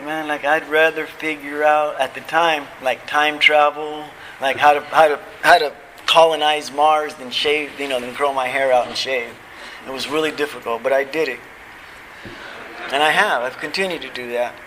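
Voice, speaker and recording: A man's voice: medium pitch, sharp tone, slight background noise, rough recording. A middle-aged man giving a heartfelt personal testimony at a recovery convention, telling his story casually with slang like "man" and "dude". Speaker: recovery meeting speaker. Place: convention hall.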